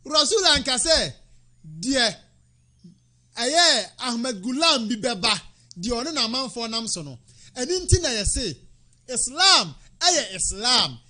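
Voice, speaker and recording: Male presenter, high voice, animated preaching, bursts of shouting. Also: takes it slowly. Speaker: Islamic radio presenter. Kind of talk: religious talk show.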